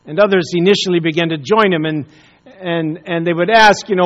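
A man preaching a sermon, telling a story with pauses and repeated words. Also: sits high, muffled recording. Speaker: pastor.

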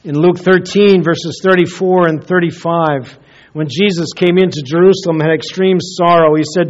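A man preaching a sermon as pastor, earnest, often dropping to a hushed soft voice and repeating words as he searches for them. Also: a little high, fairly even intonation, normal speed. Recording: dull lo-fi recording.

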